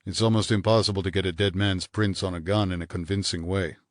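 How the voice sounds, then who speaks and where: A man's voice: steady tone, fast, no room sound, studio quality, close to an everyday voice. A man doing a snarling, bitter husband. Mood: menacing. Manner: snarling, low and clipped. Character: bitter, menacing middle-aged husband, cold and contemptuous. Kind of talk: audiobook character voice.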